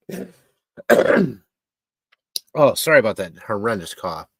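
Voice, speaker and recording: A man chats loosely on a live stream, his pitch bouncing up and down as he jokes and rambles through viewer comments. The sound is dry and close, with no room echo. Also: big pitch swings, extremely slow, pauses often. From Michigan, USA. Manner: rambling, joking, talks to his pet. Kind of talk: casual live-stream chat reading comments.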